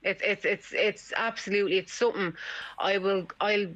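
An Irish woman speaks earnestly as a mother on a radio talk show, repeating words as she searches for them. Her voice has a bright, keen edge. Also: mid-range voice, steady tone, normal speed, rough recording. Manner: distressed, earnest, repeating herself. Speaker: caller, mother. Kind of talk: radio phone-in conversation.

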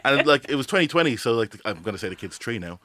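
A touring comedian guests on a radio chat with a dry, understated wit. He talks quickly at a middle pitch. The studio sound is close and dry. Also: very animated, sharp tone, no echo.

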